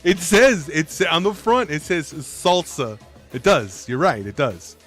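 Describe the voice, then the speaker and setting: A man's voice: a little high, big pitch swings, unhurried, fairly bright tone, faint music behind. Brash, swearing male streamer. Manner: brash, argumentative, swears, says bro and dude. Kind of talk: casual live-stream chat.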